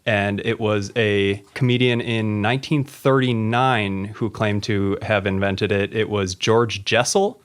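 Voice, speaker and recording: A man hosting a podcast, explaining a story with relish in a relaxed chat. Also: medium pitch, smooth. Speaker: podcast host.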